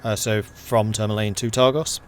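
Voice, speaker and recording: A man running a tabletop game as game master over an online voice call, narrating in an unhurried way with lots of fillers. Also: fairly low pitch, fairly even intonation, a little hiss or hum.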